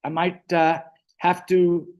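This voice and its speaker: A man, a rabbi telling stories in a relaxed class held over a video call, often stopping to restart his sentences. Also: high-pitched, slow. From South Africa. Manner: chatty storytelling, frequent restarts. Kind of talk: online Torah class.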